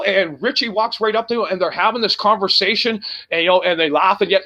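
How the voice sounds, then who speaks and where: Bright, high-voiced swearing rock singer. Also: male voice, fast talker. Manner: rambling and profane, heavy with fillers. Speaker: guest, rock band singer. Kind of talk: casual road-story chat.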